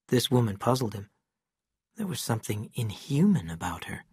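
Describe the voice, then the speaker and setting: A reader narrating a simplified story for English learners, slow and deliberate, quieter on the narration. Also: medium pitch, very animated, slightly rough, no room sound, clean studio sound.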